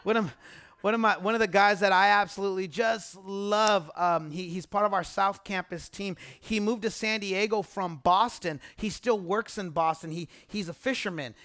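A man's voice: high voice, bright, forceful tone, dry recording, clean studio sound. A man preaching a sermon as pastor, emphatic and conversational, repeating phrases for weight and asking the congregation to answer back. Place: church service.

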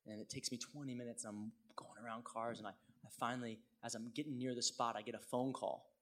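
A middle-aged male pastor telling a personal story in a sermon, swinging from hushed tones to loud exclaims. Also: medium pitch, fairly even intonation, a little fast.

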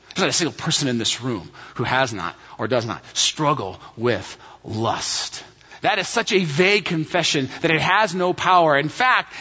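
A man's voice: high-pitched, bright, forceful tone, breathy edge, big-room sound, lo-fi sound. A man preaching a sermon as a pastor, emphatic and full of rhetorical questions.

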